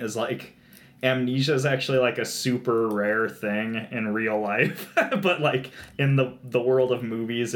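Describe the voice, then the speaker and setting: A young man co-hosting a casual podcast chat, talkative and laughing often between filler words. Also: mid-range voice. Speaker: podcast co-host. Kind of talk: casual chat about movie tropes.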